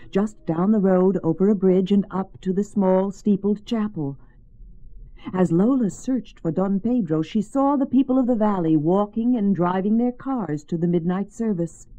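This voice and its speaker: A woman gently and expressively reading a children's story aloud, in a slightly muffled lo-fi recording. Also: medium pitch. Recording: slightly muffled lo-fi with faint music.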